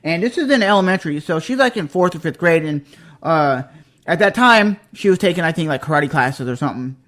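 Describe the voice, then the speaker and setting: A man's voice: on the high side, animated, a little fast, a bit bright. Heated, emphatic man telling a story. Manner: heated and emphatic, acts out quotes. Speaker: podcast host. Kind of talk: casual storytelling monologue.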